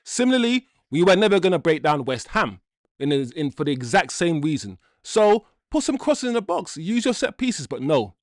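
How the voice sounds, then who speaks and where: Male watch-along host, frustrated rant full of curses, fairly high voice, dry close sound. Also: very animated, normal speed, no room sound. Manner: exasperated ranting with frequent swearing; repeats himself while venting. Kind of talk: live football watch-along commentary.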